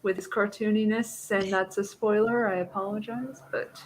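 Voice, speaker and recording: A woman's voice: mid-range voice, steady tone, moderate pace, slight background noise. A woman in her thirties co-hosting a casual talk show. She rambles from one memory to the next, laughs often and swears freely as she talks. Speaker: co-host. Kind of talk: casual chat.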